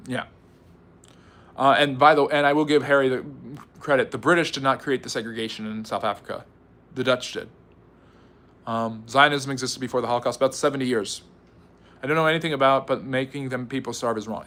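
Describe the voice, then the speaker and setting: An American man hosting a live history stream, reading out viewer comments and answering them in a quick, chatty, teasing way with frequent fillers. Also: medium pitch, fairly bright tone. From United States. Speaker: history channel livestream host.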